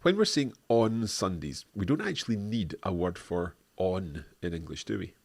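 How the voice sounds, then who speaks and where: A man's voice: sits low, lively intonation, normal speed, gravelly. A man co-hosting a live online language lesson, chatty and prone to correcting himself with a laugh.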